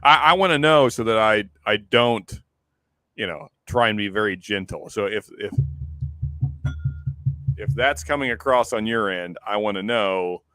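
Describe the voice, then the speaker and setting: A man's voice: on the low side, a little slow, pushed and bright, no echo, faint music behind. A man hosting a casual whiskey live stream, easygoing, often repeating words as he starts a sentence. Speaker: whiskey show host. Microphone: close desk microphone.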